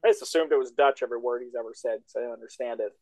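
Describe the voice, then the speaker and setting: A man co-hosting a casual comedy podcast, excitable and teasing, swearing often. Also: mid-range voice, racing, poor audio. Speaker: co-host, comedian. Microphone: remote call. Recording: dry remote call audio.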